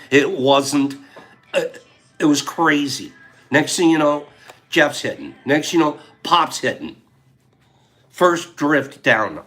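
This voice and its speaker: Animated older man telling a story. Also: mid-range voice. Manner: animated, chuckling, acts out friends' lines. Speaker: host. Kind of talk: casual storytelling.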